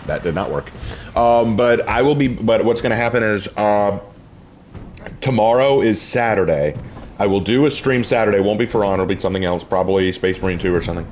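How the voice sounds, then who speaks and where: Deep-ish, weary Southern-born man, rambling casual stream chat. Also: a little mellow, slight background noise. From Southern United States. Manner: low-key, rambling. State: tired. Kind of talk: casual live-stream chat while gaming.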